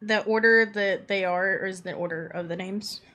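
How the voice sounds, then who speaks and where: A woman running a tabletop role-play as game master, narrating in a relaxed, laughing way. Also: medium pitch, normal speed, a little hiss or hum.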